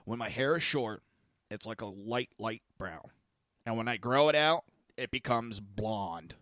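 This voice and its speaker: Crude outspoken guy ranting on his podcast, bright forceful voice, dry close mic. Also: lively intonation, a little slow, no echo. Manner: blunt and crude, swings from loud rants to low asides. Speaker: podcast host. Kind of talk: opinionated talk show monologue.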